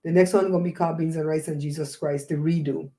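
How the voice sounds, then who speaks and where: A woman hosting a casual livestream chat, animated and preachy, with a mellow voice, often laughing. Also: low-pitched, fast. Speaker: host.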